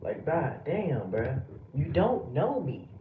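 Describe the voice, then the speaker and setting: A US live streamer rants heatedly and profanely back at his chat, his slightly high voice very animated yet slow. The lo-fi recording is roomy, distant, and dull, with background noise.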